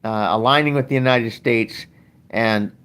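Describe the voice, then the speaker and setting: Brief: older man, host, blunt profane rant, unhurried delivery. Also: medium pitch, a bit bright, smooth. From Canada. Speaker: podcast host. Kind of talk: casual ranting talk.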